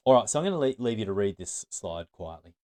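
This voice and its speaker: A man's voice: on the low side, sing-song, quick pace, a little mellow. A middle-aged man giving an earnest, emphatic talk to teachers as a trainer, sometimes restarting his words. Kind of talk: presentation to teachers.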